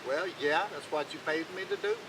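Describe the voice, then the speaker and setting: Brief: storyteller as a young farmhand, drawl, plain-spoken, slightly high, bright tone. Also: male voice, normal speed, slight background noise, low-quality recording. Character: hungry hard-working young farmhand.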